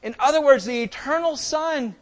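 A man's voice: very high-pitched, moderate pace. A man preaching a sermon with earnest emphasis, his volume swelling and dropping.

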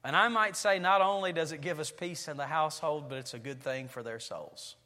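Male pastor, forties, sermon, animated storytelling, forceful bright tone, long hall reverb. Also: fairly high pitch, fairly quick. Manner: animated storytelling preacher, acting out family scenes. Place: church sanctuary.

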